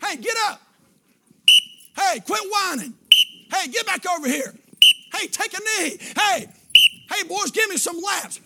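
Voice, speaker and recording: A man acting out a gruff football coach who barks orders at his players. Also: very high voice, lively intonation, measured pace, long pauses, very noisy, pitched above the performer's own voice, full character voice. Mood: barking. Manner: bossy shouted commands.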